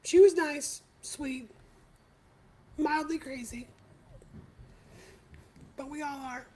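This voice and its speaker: A woman hosting a podcast live stream, telling her own story in a candid, confessional way with halting pauses. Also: high voice, warm tone, poor audio. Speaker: podcast host.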